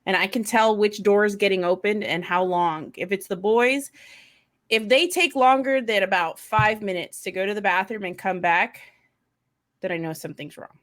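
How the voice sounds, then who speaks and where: A middle-aged woman talks as a co-host in a relaxed group chat. She is blunt, swears without a second thought, and laughs through her stories at a middle pitch. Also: moderate pace. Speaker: podcast co-host, mother. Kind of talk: casual chat.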